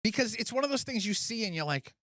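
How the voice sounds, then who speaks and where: A man in his forties co-hosting a podcast in casual chat, excitable and profane. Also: sits high, fast, no echo, clean studio sound. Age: 40s. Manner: excitable, profane, acts out animal voices in quotes. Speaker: podcast co-host.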